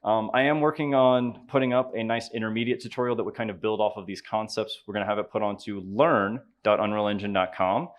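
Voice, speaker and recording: A man with a Southern US accent giving a live conference tutorial, upbeat and chatty, joking with the audience as he runs a software demo. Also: on the low side, fairly quick, hardly any pauses, muffled recording. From Southern United States. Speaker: conference presenter.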